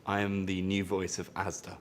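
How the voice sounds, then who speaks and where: A man's voice: low voice, completely flat delivery, normal speed, slight background noise. A man hosting an interview in a bar, asking questions in a jokey, playful way. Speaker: interviewer host. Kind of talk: casual interview chat.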